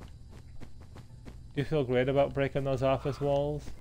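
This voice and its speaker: A man's voice: mid-range voice, level tone, slow pace, mellow, a little hiss or hum. A man hosting a gaming video, talking through the game with lots of startled exclamations. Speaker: gaming channel host. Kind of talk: casual gameplay commentary.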